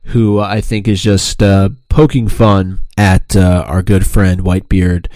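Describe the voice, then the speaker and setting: A man's voice: low-pitched, little pitch movement, a little slow, warm tone, no echo. A man co-hosting a casual podcast, reading listener tweets aloud in a laid-back way. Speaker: podcast co-host.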